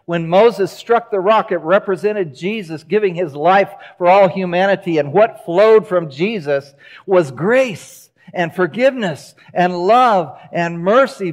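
A man preaching a sermon in a church, telling the story with lively acted-out voices. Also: sits high. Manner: animated storytelling, acting out quoted voices. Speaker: pastor. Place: church sanctuary.

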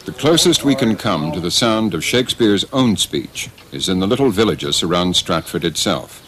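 Documentary narrator guy, low voice, lots of pitch movement. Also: animated, normal speed, fairly bright tone. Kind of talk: scripted narration.

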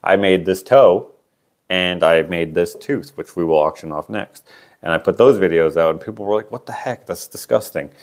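A man's voice: sits low, normal speed. A man casually auctioning his own handmade sculptures on a livestream, rambling and self-deprecating, trailing off with fillers.

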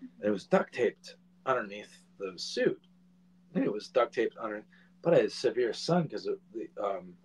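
A man in his forties, a filmmaker guest, telling a casual anecdote in an animated way and swearing freely. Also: lowish voice, breathy edge, poor audio.

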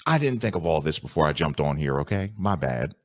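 Man with a deep radio-announcer voice. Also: big pitch swings, fairly quick. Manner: laid-back, joking, slangy. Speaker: caller and channel host. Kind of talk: casual call-in chat.

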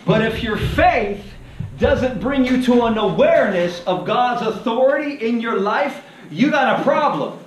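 Animated preacher in an echoey hall. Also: male voice, very high-pitched, measured pace, a little hiss or hum. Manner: animated preaching, acts out voices, asks the crowd to repeat. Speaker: pastor. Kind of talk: sermon. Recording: echoey hall, heard from a distance.

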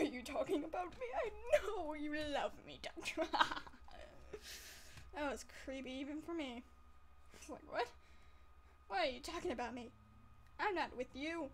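A woman's voice: high-pitched, animated, moderate pace, long pauses, slight background noise. A woman giving casual let's-play commentary over a game, giggly, playful and melodramatic. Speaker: gameplay commentator.

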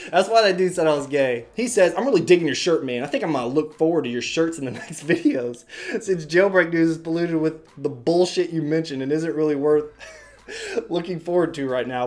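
A young man hosting a tech channel, sarcastically reading viewer comments aloud and ranting back at them with frequent swearing. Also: a little high. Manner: sarcastic, exasperated, swears freely, mocks commenters in silly voices. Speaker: YouTube tech host.

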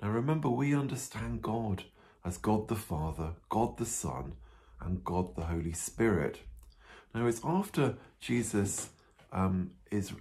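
A priest telling a Bible story to children, animated and full of questions, with frequent ums. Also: male voice, fairly low pitch. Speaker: parish priest.

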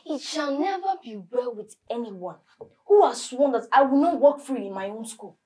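A spiteful, high-voiced girl. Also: expressive, moderate pace, warm tone. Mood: bitter ranting. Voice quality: scornful, cursing, stammering when worked up. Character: spiteful teenage girl, jealous, insulting her sister.

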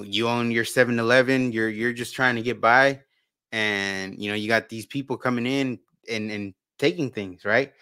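A podcast co-host chats casually, rambling along with lots of restarts and repeated words. His voice is medium-pitched, fairly bright, clear and resonant, with no room sound.

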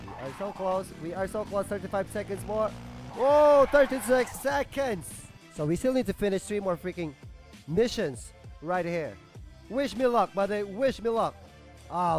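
A man giving casual gameplay commentary, excitable and profane, shouting and cheering at the game as he plays. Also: sits high. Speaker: gaming YouTuber. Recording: game music playing underneath.

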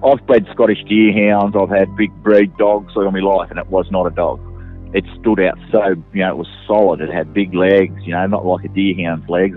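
An Australian sheep farmer recalling events in a plain-spoken, matter-of-fact way. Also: male voice, sits low. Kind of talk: casual recollection. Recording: tinny phone line with faint music.

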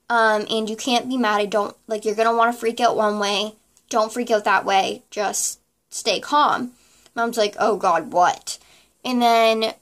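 A woman's voice: fairly high pitch, fairly bright tone. A young woman vlogging to camera, telling a personal story in casual chat, full of "like" and quoted dialogue. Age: young adult. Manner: chatty, many likes and quoted dialogue.

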